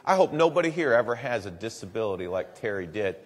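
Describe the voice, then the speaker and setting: A man's voice: lowish voice, very animated, fast talker. A man telling a story in earnest to a live audience. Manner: earnest storytelling, repeats "and boy". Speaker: public speaker. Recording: long hall reverb.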